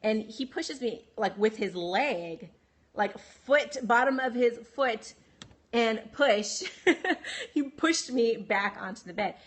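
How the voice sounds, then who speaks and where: A woman's voice: on the high side, slow. A woman hosting a phone livestream, telling a personal story candidly with many fillers, restarts and laughs, and replying to viewers' comments. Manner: answers viewer comments by name. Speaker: livestream host. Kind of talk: personal storytelling on a live broadcast.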